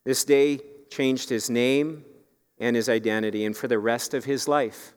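Earnest preacher, slow, ringing hall. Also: male voice, medium pitch, steady tone, smooth. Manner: earnest, rising to pleading emphasis. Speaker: pastor. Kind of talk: sermon.

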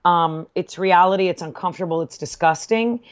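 A woman in casual conversation, speaking in a measured, thoughtful way with hesitant fillers. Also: fairly low pitch, highs cut off. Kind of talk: casual chat.

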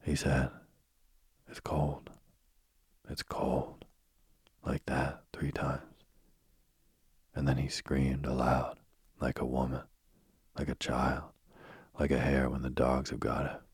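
A man reading a spooky bedtime story in a soft, slow, husky whisper, close to the mic. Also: a bass voice, monotone, dry recording.

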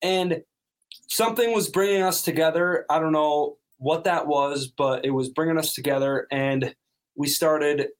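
A man's voice: fairly high pitch, steady tone, unhurried, low-quality recording. A man from North Dakota with a North Dakota accent, an outgoing band member chatting as a guest. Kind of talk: casual chat.

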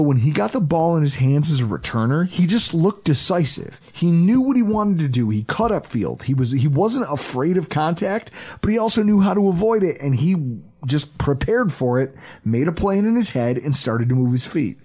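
Host pria, suara agak tinggi dan serak, obrolan olahraga yang hidup dan kasar. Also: male voice, a little high, moderate pace, slightly rough. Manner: animated, profane, acts out quotes. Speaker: podcast host. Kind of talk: casual sports podcast chat.

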